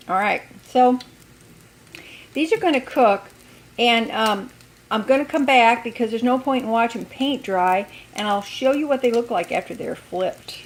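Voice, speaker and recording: A woman's voice: medium pitch, a little hiss or hum. Older lady showing how she cooks, folksy and chatty, pan sizzling faintly behind. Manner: chatty, folksy, self-deprecating, laughs often. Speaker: home cook. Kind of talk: casual cooking demonstration. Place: home kitchen.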